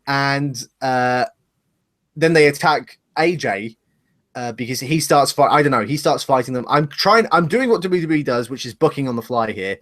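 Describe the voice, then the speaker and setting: A man's voice: mid-range voice, animated, moderate pace, fairly bright tone. A man co-hosting a casual live discussion show, rambling and speculating, laughing at himself, talking over a webcam. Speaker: podcast co-host.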